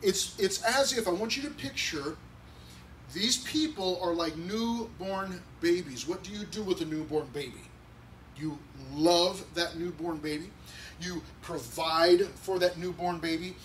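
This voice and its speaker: A male pastor gives a relaxed, conversational sermon in a church and sometimes acts out the voices he quotes. His voice sits high, and the mic is set well away from him, so he sounds distant. A faint hiss runs under the recording.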